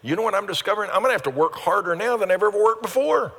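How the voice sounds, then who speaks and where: A man's voice: sits high, expressive, rapid-fire, fairly bright tone. An older man preaching a sermon as pastor, earnest and repetitive, building to emphatic peaks. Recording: sermon in a reverberant church hall.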